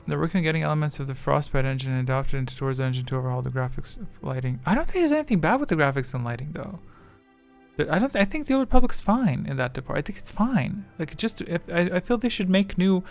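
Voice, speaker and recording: A man's voice: on the high side, lively intonation, fast talker, creaky, soft background music. A man chatting casually on his livestream, rambling and self-deprecating as his thoughts wander. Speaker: streamer.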